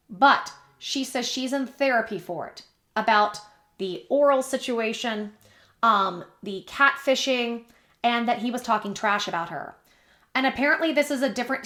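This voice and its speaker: A woman with a bright, crisp voice pitched a little high recaps online gossip for her channel. She talks in a chatty way, full of fillers and wry asides. Her voice rings off the walls of a roomy, echoey space. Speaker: commentary channel host. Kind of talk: gossip commentary, reading and reacting. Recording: echoey room.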